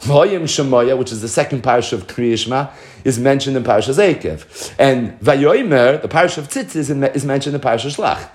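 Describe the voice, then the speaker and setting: A man's voice: medium pitch, lively intonation, normal speed. A man teaching a Talmud lesson, quoting Hebrew and Aramaic phrases, translating them into English and asking rhetorical questions. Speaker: Torah teacher.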